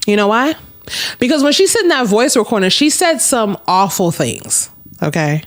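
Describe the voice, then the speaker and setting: A woman vlogger with a fairly high, very animated voice tells a storytime straight to her camera at a normal pace. She's candid and blunt, swears freely, and addresses her viewers directly.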